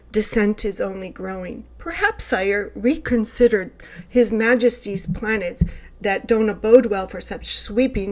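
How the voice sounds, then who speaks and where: A woman's voice: medium pitch, lightly acted. A woman voicing a formal female court astrologer who warns her king, in a put-on British accent. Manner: formal, grave and deferential.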